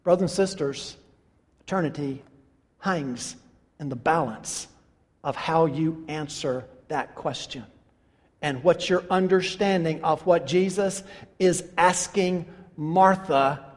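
A man preaching a sermon, emphatic and rhetorical, repeating his questions and swinging between hushed and loud passages. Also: on the high side, slow pace. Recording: long reverb of a large hall.

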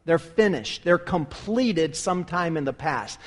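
A man preaching a sermon with emphatic delivery, rising to loud peaks and dropping low. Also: expressive, unhurried, hardly any pauses. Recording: long hall reverb.

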